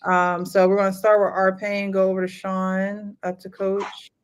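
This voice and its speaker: A woman hosts a remote panel in a middle-range voice. She thanks her guests, moves them along briskly and laughs lightly now and then. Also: mid-range voice, monotone, smooth. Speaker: host. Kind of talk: hosting a panel discussion.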